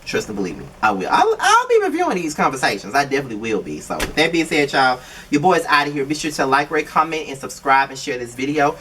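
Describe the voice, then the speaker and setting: A man's voice: on the high side, big pitch swings, fast talker, bright, forceful tone, recorded from a distance, slight background noise. A man giving blunt, profane, exasperated commentary while reviewing a reality TV show. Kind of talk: casual video commentary.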